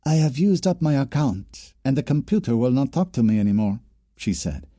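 A man voicing a young woman graduate student, speaking briskly in a story reading. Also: mid-range voice, very animated, dark tone, no echo, clean studio sound, voice pushed up. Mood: frustrated. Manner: brisk, self-talking.

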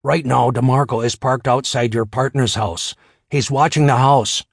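A man's voice: mid-range voice, fairly even intonation, moderate pace, gravelly, no echo, clean studio sound. A man doing a plain-spoken male tail reporting in. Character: matter-of-fact male private watcher on the phone.

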